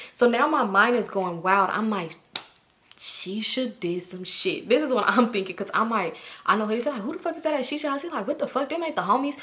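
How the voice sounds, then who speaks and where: A woman, telling a story in a casual vlog and acting out everyone's lines with big jumps in her voice. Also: slight background noise. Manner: animated, acts out quotes with big pitch jumps. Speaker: storytime vlogger.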